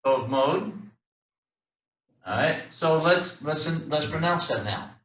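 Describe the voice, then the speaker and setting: A man teaching a class, his speech halting and full of restarts with the odd joke. His voice is bright and forceful. He sounds set back from the mic in an echoey room. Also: a little high, lively intonation, far from the mic. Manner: halting, many restarts and fillers, joking. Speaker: Hebrew teacher.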